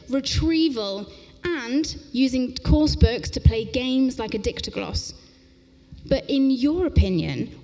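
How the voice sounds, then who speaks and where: A teacher trainer leads an interactive conference workshop in a large lecture hall, the sound long and reverberant. Her slightly high voice is lively and brisk, and she keeps checking in with "okay?".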